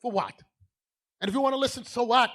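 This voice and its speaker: Against a noisy background, a bishop preaches a fast, fiery sermon and calls out emphatically to his congregation. His delivery lurches from low asides into loud pronouncements.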